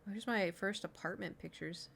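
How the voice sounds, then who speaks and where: Woman, 30s, from Oklahoma, streamer, casual chat, giggly, self-mocking, lots of fillers, medium pitch. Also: normal speed, creaky, fairly bright tone, a little hiss or hum. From Oklahoma, USA. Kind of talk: casual chat reading old diary entries aloud.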